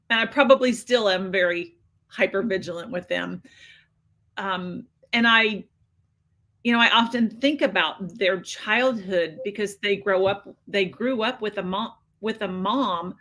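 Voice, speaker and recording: A woman's voice: medium pitch, a little slow, fairly bright tone. A woman in her sixties, a podcast guest, telling her own story in a candid, earnest way with frequent restarts. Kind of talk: personal storytelling.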